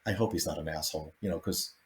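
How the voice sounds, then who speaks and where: A man, a comedian guest, telling backstage stories in a casual, animated way and acting out the people he quotes. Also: very deep voice, quick pace. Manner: animated, acts out quotes, laughs often. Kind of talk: casual storytelling.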